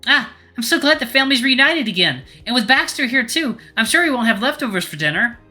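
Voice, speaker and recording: A man voicing a cheerful, excitable middle-aged mother in a visual novel read-aloud, talking in a gushing, sing-songy way. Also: very high-pitched, fairly quick, faint music behind, voice pushed up, exaggerated voice.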